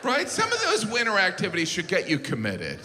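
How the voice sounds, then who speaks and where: A middle-aged man doing stand-up comedy on stage, with a deadpan delivery and mock-incredulous asides. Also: high-pitched, brisk, a crowd in the background. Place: large theater stage with a laughing audience. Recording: live hall reverb, loud audience noise.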